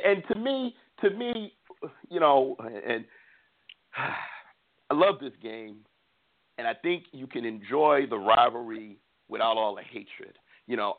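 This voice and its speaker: Gravelly-voiced man ranting on a phone line. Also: medium pitch. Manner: animated, opinionated, repeats words. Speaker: podcast host. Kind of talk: casual sports talk.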